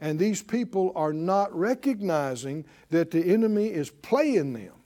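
A man's voice: high-pitched, animated, a little slow, mellow. A man preaching a sermon, firing rhetorical questions at his congregation. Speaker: pastor.

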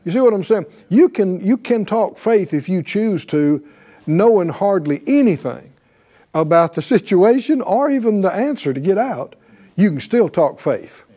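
A man's voice: sits high, animated, normal speed, mellow. A man preaching a sermon, emphatic, often asking his listeners "right?" and reading scripture aloud. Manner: emphatic, calls for responses with "right?"; reads scripture aloud, shifts into voiced quotes.

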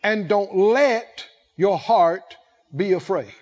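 A male pastor preaching a sermon, emphatic, with drawn-out phrasing and call-and-response. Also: sits high, a little mellow, muffled recording.

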